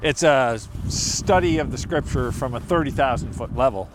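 A man preaching a sermon as a pastor, telling a story with emphatic, animated delivery. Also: medium pitch, moderate pace, noisy background.

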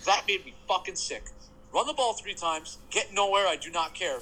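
A man in casual podcast chat, ranting excitably with constant swearing. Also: high voice, normal speed, a little hiss or hum, low-quality recording. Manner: heated, profane, excitable ranting. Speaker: podcast co-host, sports fan.

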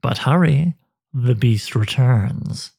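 A man's voice: mid-range voice, lively intonation, takes it slowly, vocal fry, a little mellow, breathy edge, heavily acted. A man voicing the Hooded One, a hissing cave creature. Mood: hissing taunt. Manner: hissing whisper, taunting. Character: sinister hooded cave creature, mocking, tempting.

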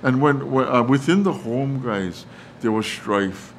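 This sermon on Scripture comes from a man whose mid-range voice moves at an unhurried pace, caught on a low-quality recording with slight background noise. Reading Bible verses with plenty of fillers and restarts, he acts out quotes in a casual way.

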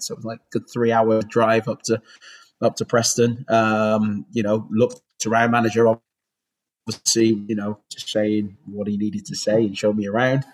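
Poor audio carries the slightly rough, mid-range voice of a man in his forties from Bristol, England. A former goalkeeper with a Bristol English accent, he tells rambling stories in a casual interview, with many restarts.

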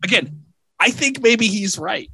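A podcast co-host, this man bats a silly case back and forth with playful, mock-serious conviction. His voice sits a little high for a man. The sound is close and dry, with no room echo. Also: lively intonation, unhurried, bright, forceful tone, husky. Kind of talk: casual podcast banter.

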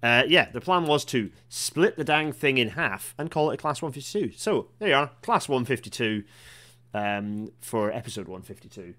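A man's voice: mid-range voice, expressive, normal speed, bright, forceful tone. Man waffling through rail commentary. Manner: waffling, self-interrupting, with many fillers and restarts. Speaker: host of a rail chat stream. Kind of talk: casual rambling commentary.

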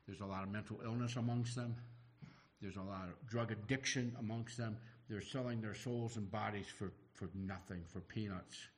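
A middle-aged man delivers a sermon in a fairly low voice. He preaches with animation and acts out the people he quotes. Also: fairly even intonation, moderate pace. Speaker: pastor.

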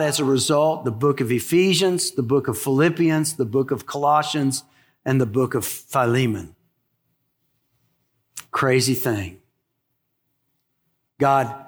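A male pastor preaching a lively sermon, asking the congregation questions and joking with them. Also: mid-range voice. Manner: animated preaching with rhetorical questions and asides to the congregation. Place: church sanctuary. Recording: live in a church with long reverb.

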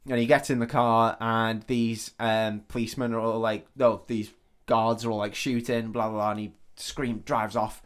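A man's voice: lowish voice, flat delivery, moderate pace, smooth. A man co-hosting a podcast, animatedly recapping a film plot in casual, sweary chat. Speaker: podcast co-host.

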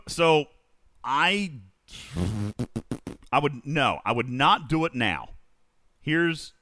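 A man hosts a casual livestream and works through viewer questions. His pitch swings widely as he rambles. The voice has a bright, forceful edge and sounds dry and close to the mic. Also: no room sound. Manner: animated, rambling, reads out chat questions. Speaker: livestream host answering chat questions.

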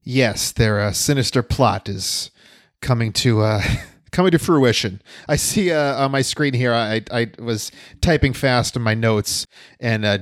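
A man in easy, rambling conversation, breaking into laughter as he goes. He stays at an ordinary middle pitch, and the sound is close and dry with no room around him. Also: fairly bright tone, no echo. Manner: chatty, laughs often, many fillers and restarts. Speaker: podcast co-host. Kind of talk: casual chat.

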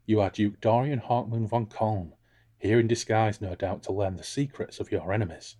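A man voicing a seductive, scheming noblewoman from a fantasy novel, reading her in a low, soft, unhurried voice. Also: steady tone, natural voice.

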